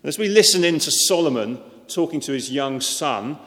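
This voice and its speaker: A man's voice: a little high, expressive, normal speed, fairly bright tone. A man preaching a sermon in an earnest, emphatic manner, with repeated words at times. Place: church. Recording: reverberant church hall.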